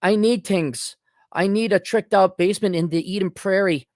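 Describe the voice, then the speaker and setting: A man's voice: high-pitched, moderate pace, a little mellow, dry recording, natural voice. A smug suburban Minnesota man, put on by a man with a Minnesota accent, folksy and boastful. The sound is dry and close. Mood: boasting.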